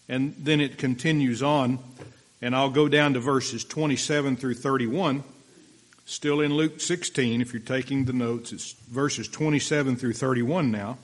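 A man preaches a sermon, reading scripture and explaining it slowly and deliberately, pausing for listeners taking notes. His voice is mid-range and steady in tone.

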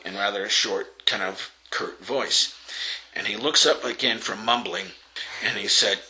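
An older man from Long Island spins an anecdote with a bright, ringing voice pitched a little low. He acts out the people he quotes and laughs along the way. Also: moderate pace, poor audio. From Long Island, New York. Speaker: interviewee. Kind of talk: telling an anecdote.

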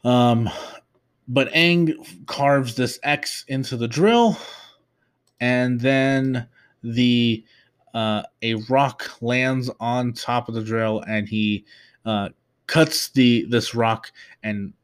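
A man's voice: mid-range voice, steady tone, drawn-out words, smooth. A young man hosting a casual recap show, talking in a loose, rambling way with many fillers and restarts. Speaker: podcast host.

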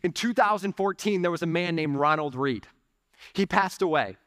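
A young adult man preaching a conversational, animated sermon in church, peppering his talk with "like" and "okay". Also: on the high side, normal speed, no room sound, clean studio sound. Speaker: pastor. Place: church sanctuary.

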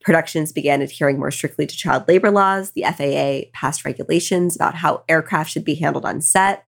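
A woman's voice: deep voice, brisk, vocal fry. A tipsy woman co-hosting a podcast, retelling a true crime case casually with angry asides. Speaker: podcast co-host.

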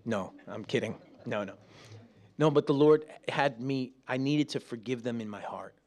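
A man preaching a sermon, telling stories with laughs and acting out quotes, dropping soft and slow for prayer. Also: medium pitch. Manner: animated storytelling with laughs and acted-out quotes; drops soft and slow when praying aloud.

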